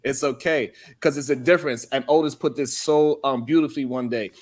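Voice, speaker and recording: A man's voice: mid-range voice, fairly even intonation, fairly quick. A man hosting a casual live-stream panel chat over a video call, playful and teasing, laughing often. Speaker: talk show host.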